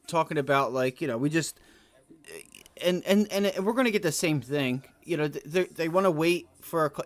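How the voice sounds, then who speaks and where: A man hosting a live day trading stream, giving loose, slangy market commentary that swells into loud rants. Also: a little high. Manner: casual slangy talk that rises to loud rants. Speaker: day trading livestream host.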